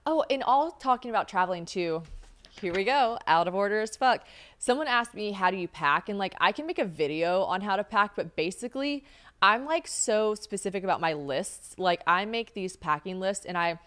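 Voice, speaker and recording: A woman's voice: medium pitch, animated, normal speed, fairly bright tone. A young woman from the United States hosting a podcast, talking casually, swearing and laughing as she acts out what people said. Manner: chatty, swearing, laughs often, acts out quoted voices. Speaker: podcast host. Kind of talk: casual chat.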